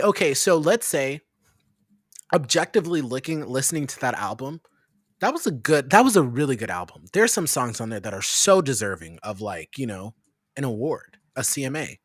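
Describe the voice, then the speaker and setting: A woman from Nebraska co-hosting a casual livestream talk show, animated and quick to laugh. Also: extremely low pitch, no echo, clean studio sound. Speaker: podcast co-host.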